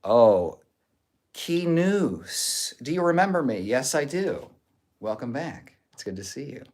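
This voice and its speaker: A man hosting a live stream, chatting casually as he reads viewer comments aloud. He mocks trolls with deadpan sarcasm in a voice of ordinary male pitch. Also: normal speed. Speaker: livestream host.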